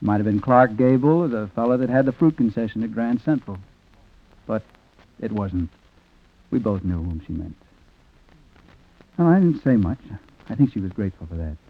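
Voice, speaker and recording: An actor narrating a 1940s radio drama as a reflective man, quiet and rueful. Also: on the low side, animated, moderate pace, pauses often. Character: reflective man telling a sad story. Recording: tinny old radio recording with music.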